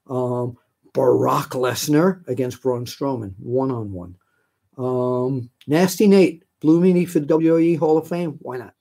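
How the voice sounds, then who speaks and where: A man's voice: medium pitch, a little slow, gravelly, mellow. An older man from New York hosting a live stream, answering viewer questions in a chatty, rambling way with many fillers. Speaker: host.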